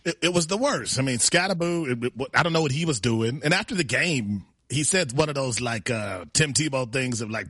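A man co-hosting a casual sports talk show, animated and self-deprecating. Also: medium pitch, a little fast, few pauses, slightly rough, dry recording, studio quality.

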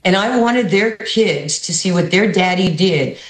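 A woman with a New York accent, coaching basketball, tells stories in an interview. She acts out the people she quotes with an animated, lively delivery. Her voice carries a roomy studio echo. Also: mid-range voice, a little slow. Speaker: basketball head coach, guest. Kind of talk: storytelling interview answers.

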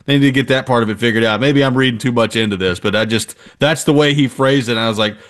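A man's voice: medium pitch, fast, fairly bright tone. A man co-hosting a sports talk show, emphatic and opinionated, peppering his points with fillers. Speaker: sports podcast co-host.

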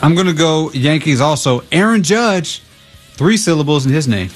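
A man's voice: a little high, animated, normal speed, faint music behind. A man guesting on a sports radio show, making easygoing picks in casual chat. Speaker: radio guest picking games.

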